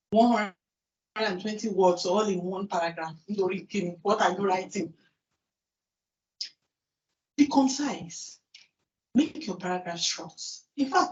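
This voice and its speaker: A woman with a Nigerian accent giving a lively conference talk, asking the audience questions and then answering them herself. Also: medium pitch. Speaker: conference speaker. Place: large conference hall. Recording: distant, roomy, dull hall recording.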